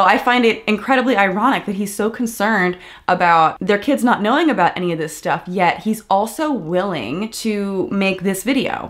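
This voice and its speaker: A woman in her thirties giving casual reaction commentary on a video clip, animated and sarcastic, with exasperated asides. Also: mid-range voice. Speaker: commentary vlogger.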